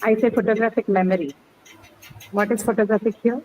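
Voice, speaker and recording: A woman's voice: mid-range voice, fairly even intonation, fairly quick, a little mellow, a little hiss or hum, rough recording. A woman teaching an English class, explaining patiently and often checking that students follow. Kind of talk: classroom lecture.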